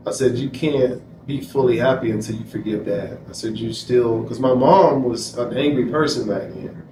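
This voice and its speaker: A man's voice: mid-range voice, moderate pace. A man as an interview guest, telling a personal story emphatically and quoting himself. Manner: emphatic, repeats phrases, quotes himself. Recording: echoey room, distant mic, noisy.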